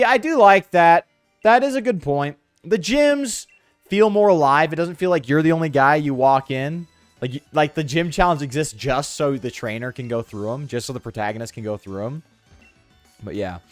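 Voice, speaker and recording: A man's voice: mid-range voice, no room sound. A man streaming a video game, giving casual, sarcastic, joking commentary as he plays. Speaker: let's play streamer.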